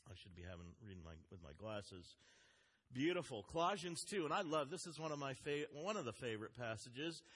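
A man's voice: mid-range voice, very animated, brisk, fairly bright tone, breathy edge. A man preaching a sermon as a pastor, speaking earnestly and reading scripture aloud with emphasis. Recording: long hall reverb.

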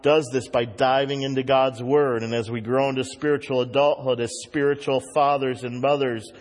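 A man preaching a sermon as pastor, earnest, rising higher and louder when he exhorts. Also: long reverb tail.

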